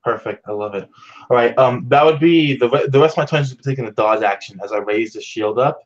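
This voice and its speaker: A man's voice: medium pitch, a little fast, lo-fi sound. A man playing a tabletop game, describing his character's actions vividly and with enthusiasm. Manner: vivid, enthusiastic scene-setting. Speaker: player.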